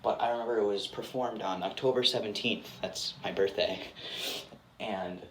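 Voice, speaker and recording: A young man with a lowish voice rambles through his answers in a loose, casual chat, packing his sentences with filler words and making fun of himself. The room around him sounds echoey, and there is a faint hiss underneath. It comes across as a relaxed interview guest. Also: moderate pace. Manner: rambling, lots of "like" fillers, self-deprecating. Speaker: actor guest. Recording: roomy with faint background noise.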